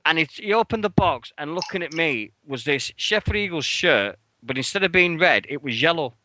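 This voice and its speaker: Bright-voiced man telling a lively story. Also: normal speed, no echo, poor audio. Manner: animated storyteller, swears, pitch jumps when acting out his outrage. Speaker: radio show co-host. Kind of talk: casual storytelling chat. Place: radio studio.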